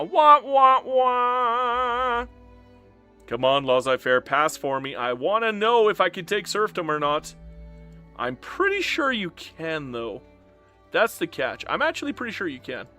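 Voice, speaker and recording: A man with a bright, slightly high voice gives loose, joking live commentary while playing a strategy game. He talks to himself and his chat in a chatty, off-the-cuff way. Faint music plays behind him.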